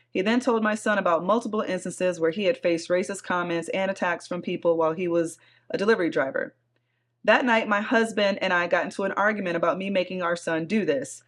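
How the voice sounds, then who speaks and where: A woman co-hosting a podcast, chatting casually with frequent laughter and blunt, salty remarks, and reading forum posts aloud. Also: medium pitch. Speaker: podcast co-host.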